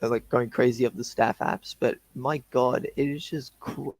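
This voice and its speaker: A man's voice: mid-range voice, fairly even intonation, moderate pace, no echo. A man co-hosting a livestream, chatting casually in a rambling way with many fillers. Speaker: co-host on a livestream.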